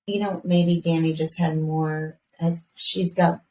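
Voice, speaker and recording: A woman in her thirties with a slightly low voice tells a story in a lively way, swearing now and then and acting out her kids' lines. She sits away from the mic in an echoey room with faint hiss in the background. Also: measured pace, far from the mic. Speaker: podcast co-host. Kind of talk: casual chat, storytelling.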